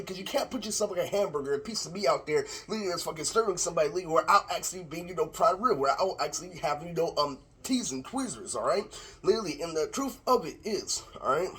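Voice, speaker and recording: A man's voice: sits high, a bit bright, husky. A man delivering a rambling, profane rant to camera, repeating the same filler word constantly, recorded on a laptop microphone. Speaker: vlogger. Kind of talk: ranting monologue to camera.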